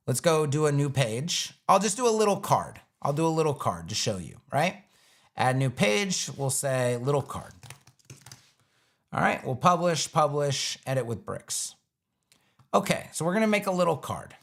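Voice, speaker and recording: A man's voice: fairly high pitch, sing-song, moderate pace, vocal fry. A man teaching web design on a live stream, talking casually through each step as he builds a page on screen.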